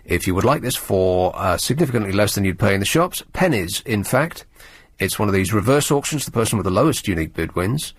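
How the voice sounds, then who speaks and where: A male radio presenter in a studio, talking in a sardonic, rambling way with animated emphasis. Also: lowish voice, a little fast, slightly rough, dry recording. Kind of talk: late-night radio talk. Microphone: studio microphone.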